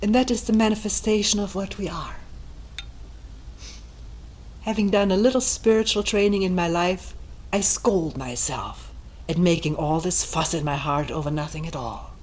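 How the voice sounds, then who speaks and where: Calm reflective woman giving a talk. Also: moderate pace, a little hiss or hum, rough recording. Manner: calm and thoughtful, acting out quoted voices with raised pitch. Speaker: meditation teacher. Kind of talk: reflective talk reading and commenting on a text. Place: retreat meeting room.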